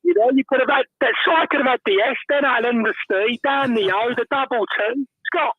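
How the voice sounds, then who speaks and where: A man's voice: very high voice, brisk, slightly rough, no room sound. Chatty male caller on a dull line. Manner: polite, blessing people, chatty. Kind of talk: casual phone call.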